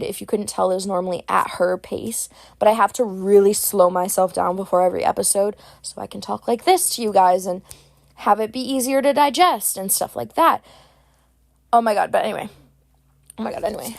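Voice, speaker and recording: A woman's voice: medium pitch, dry recording, clean studio sound. A young woman hosting a podcast in casual chat, chatty and rambling with lots of fillers and restarts, blunt and opinionated. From Boston area. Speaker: podcast host.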